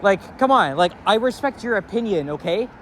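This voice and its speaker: Man, high-pitched, angry profane rambling walk-and-talk vlog, faint traffic noise behind. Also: expressive, moderate pace, fairly bright tone. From Canada. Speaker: walking vlogger. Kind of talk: casual ranting walk-and-talk. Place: city street outdoors near traffic.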